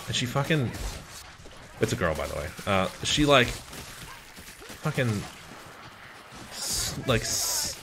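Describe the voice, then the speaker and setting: A young man hosting a gaming channel, casually commenting on gameplay and telling a story, animated and swearing with lots of fillers. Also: medium pitch, takes it slowly, long pauses, music in the background.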